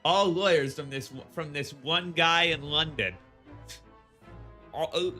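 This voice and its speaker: A man's voice: fairly high pitch, takes it slowly, long pauses, bright, forceful tone, soft background music. A man streaming a game, chatting casually and rambling with lots of restarts and laughs. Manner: rambling, full of fillers and restarts, laughing often.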